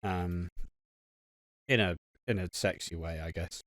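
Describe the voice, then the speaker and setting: Low, dry-voiced man recapping crudely. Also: steady tone, measured pace, a bit bright, no room sound. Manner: swearing, laughing, rambling recaps. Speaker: podcast co-host. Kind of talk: casual crude podcast banter.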